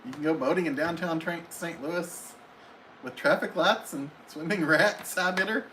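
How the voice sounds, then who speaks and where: A man's voice: fairly high pitch, normal speed, pushed and bright, slight background noise, poor audio. A man hosting a casual live stream from home, reading viewers' comments aloud and answering each one in a friendly, chatty way.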